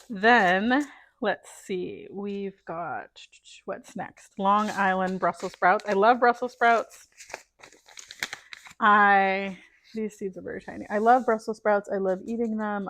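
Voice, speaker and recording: A woman's voice: medium pitch, slow pace, a bit bright, no room sound. A middle-aged woman chatting casually while planting seeds, thinking aloud and dropping to murmurs as she sorts packets. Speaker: gardening vlogger. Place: home, indoors.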